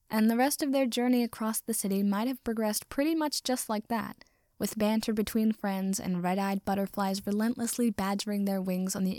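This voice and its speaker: A woman narrating fiction aloud with a lively, playful delivery. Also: medium pitch, dry recording, clean studio sound. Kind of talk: expressive fiction reading.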